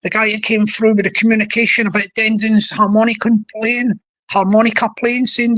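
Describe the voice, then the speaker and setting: A woman's voice: fairly high pitch, level tone, fairly quick, a bit bright. A woman hosting a livestream, playful and rambling as she talks to the chat. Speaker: livestream host.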